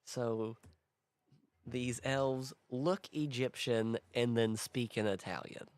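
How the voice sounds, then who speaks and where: A man's voice: mid-range voice, fairly even intonation, slow, darkish tone, clear, resonant tone, dry recording. A man hosting a casual worldbuilding talk, thinking aloud in a rambling way with restarts and small laughs. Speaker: host.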